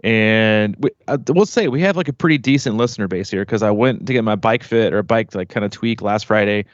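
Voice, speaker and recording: A man's voice: fairly low pitch, a little fast, dry recording. A man in his thirties hosting a triathlon podcast, telling a story in a rambling way, full of "like" and "you know". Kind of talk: casual storytelling chat. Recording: slightly muffled, dry sound.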